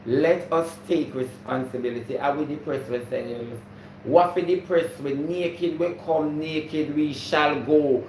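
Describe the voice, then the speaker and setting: Jamaican man, live-stream host, higher voice, preachy and repetitive, echoey room recording. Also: measured pace, darkish tone, slight background noise. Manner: preachy, greets viewers by name, repeats himself. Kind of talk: casual live-stream monologue.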